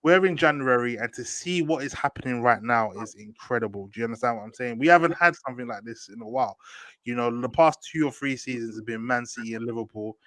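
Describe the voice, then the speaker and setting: A man's voice: medium pitch, fast, no echo. Slangy young man, dry mic. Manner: slangy, animated, repeats "do you get me". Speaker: host. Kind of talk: casual football chat.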